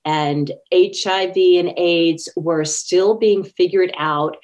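Speaking slowly in a slightly mellow voice on the low side, an interview guest shares personal stories in conversation. She comes across earnest, performing the lines she quotes.

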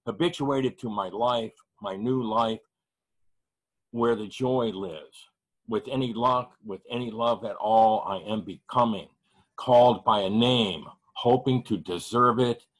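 A man reads spoken-word poetry over a video call, unhurried and measured. His delivery is heavy with grief, each phrase given room to land. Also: lowish voice, low-quality recording. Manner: measured, heavy pauses, grieving. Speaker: poet reading at an open mic.

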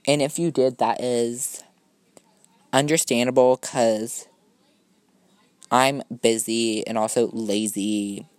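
A man's voice: mid-range voice, fairly even intonation, slow, long pauses, a little mellow, dry recording. Young man with a gushing valley-girl drawl. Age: young adult student. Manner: gushing valley-girl drawl, constant "like" and "oh my god", casual swearing; scattered, self-mocking, jumps between topics. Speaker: podcast host. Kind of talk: rambling solo podcast monologue.

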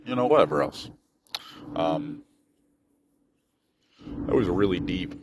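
A young man from Michigan with a lowish voice rambles through a story on his solo podcast, swearing freely and mocking the people in it. His talk runs loose and animated, and a clear hiss of background noise sits under the whole recording. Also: measured pace, pauses often. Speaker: podcast host. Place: indoors, while driving. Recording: noisy background ambience.

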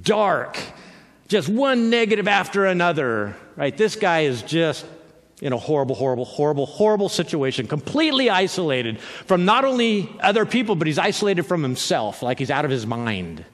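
A man with a fairly high voice preaches in a loose, conversational way and keeps checking in with his listeners. His words echo with the long reverb of a large hall. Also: very animated, normal speed. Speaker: pastor. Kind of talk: sermon.

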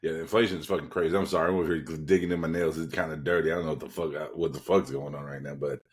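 A man's voice: a bass voice, very fast, husky. A young man telling a rambling, profane story in casual podcast chat. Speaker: podcast co-host.

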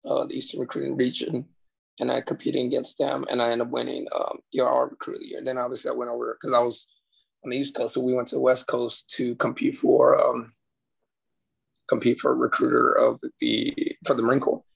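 Gravelly, husky-voiced man telling stories. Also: mid-range voice, monotone, fairly quick. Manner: earnest, with frequent restarts. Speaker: podcast guest, former Marine recruiter. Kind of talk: casual storytelling.

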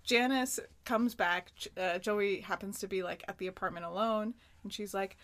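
A podcast co-host with a Western New York accent chats casually while recapping a sitcom episode, doing loose impressions of the characters' lines. Her voice is mid-range and fairly bright, at a moderate pace.

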